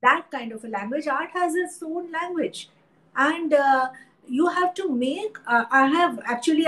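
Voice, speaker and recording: Indian english woman, art teacher talking slow and thoughtful, bit high voice. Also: rough recording. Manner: thoughtful, measured, with many pauses and fillers. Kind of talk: interview conversation.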